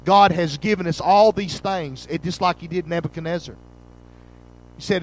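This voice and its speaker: A male pastor preaching a sermon fervently, reading old-style scripture and swelling loud on key lines before dropping low. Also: moderate pace, rough recording. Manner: reads scripture in old King James wording.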